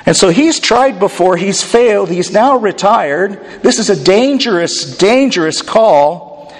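一位男牧师在教堂大厅里讲道，语气像聊天，偶尔冷幽默，音调略高，录音带有长长的大厅混响。. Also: male voice, sits high, expressive, unhurried. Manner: conversational preaching, dry asides. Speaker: pastor. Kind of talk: sermon. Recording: long hall reverb.

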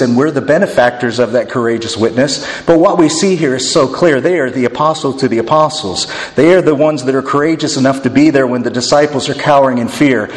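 A male pastor preaching an expressive sermon, swinging his voice up and down as he acts out the people in the story. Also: mid-range voice. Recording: long reverb of a hall.

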